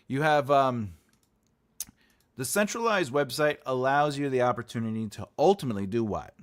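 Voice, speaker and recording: Speaking in a clean, medium-pitched voice at normal speed, a man who teaches writing hosts a live stream and chats loosely with his audience. His talk rambles, he laughs a lot, and he acts out others' words with animation.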